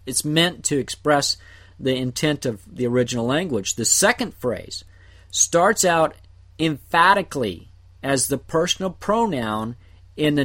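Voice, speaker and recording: Guy slowly walking through greek words in a bible verse, kinda high voice, takes his time. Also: fairly bright tone. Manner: deliberate, explanatory, breaks into short phrases. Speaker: Bible teacher. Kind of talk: slow verse-by-verse Greek word study.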